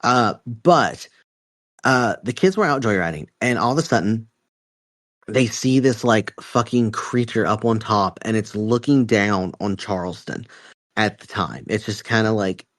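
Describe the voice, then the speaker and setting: A man's voice: on the low side, measured pace, a bit bright, no room sound. A man from West Virginia, telling a story casually on a podcast in a rambling, profane way with lots of fillers. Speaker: podcast host.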